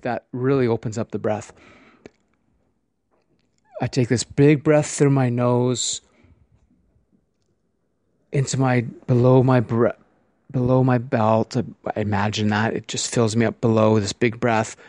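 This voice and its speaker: A man hosting a podcast, talking in a gentle, meandering way with restarts and repeated phrases. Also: mid-range voice, flat delivery, measured pace, pauses often, no room sound, studio quality. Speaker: podcast host. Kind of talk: casual spoken podcast monologue.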